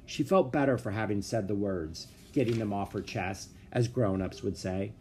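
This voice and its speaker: A man reading a children's book aloud with expressive storytelling. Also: lowish voice, normal speed, slight background noise. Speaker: narrator.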